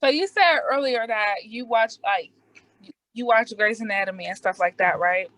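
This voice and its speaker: A woman's voice: fairly high pitch, moderate pace, a bit bright, no echo, low-quality recording. A woman student asking a question on a video call, hesitant and using "like" a lot. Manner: hesitant, says "like" often. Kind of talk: casual chat.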